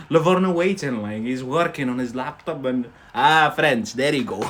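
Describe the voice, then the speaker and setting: A man's voice: on the high side, big pitch swings, slow pace, pauses often, a bit bright, slight background noise. A man from Scotland, teaching English idioms on a live stream in a chatty way, often checking in with "yeah?".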